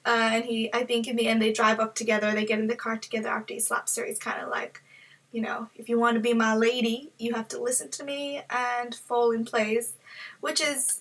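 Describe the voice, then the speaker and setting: Giggly young woman vlogger, bright voice. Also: on the high side, recorded from a distance, rough recording. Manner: joking, giggly, playful. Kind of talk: casual chat.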